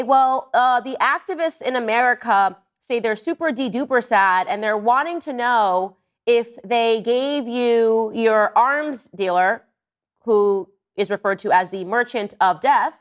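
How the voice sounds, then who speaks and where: A flustered, overly sweet phone caller, put on by a woman commentator, stumbling through a request. The voice rises a little higher than usual and speaks in hesitant, pleading bursts. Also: unhurried, lightly acted.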